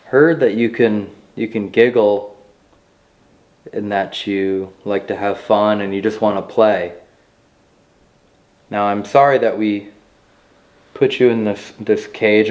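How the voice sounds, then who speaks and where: A man investigating the paranormal who speaks to a spirit in a slow, soothing, apologetic way. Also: fairly low pitch, darkish tone, rough recording. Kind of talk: calling out to a spirit.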